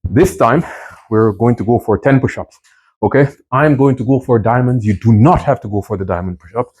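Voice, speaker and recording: Working out alongside his viewers at home, a male fitness instructor counts reps out loud and asks "right?" and "okay?", sounding strained from the effort. He speaks at medium pitch and normal speed, slightly mellow and husky, on a low-quality recording.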